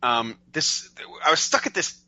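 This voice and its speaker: Male podcast co-host from Canada: expressive storyteller, bright tone, dry close mic. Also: fairly high pitch, moderate pace, no echo, muffled recording. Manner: animated storyteller, acts out shouted quotes. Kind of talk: casual podcast chat.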